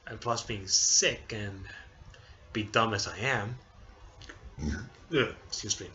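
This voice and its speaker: A young man vlogging a casual personal update, halting and hesitant, tearful as he talks. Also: fairly low pitch, sharp tone, lo-fi sound. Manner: halting, hesitant, many restarts and apologies.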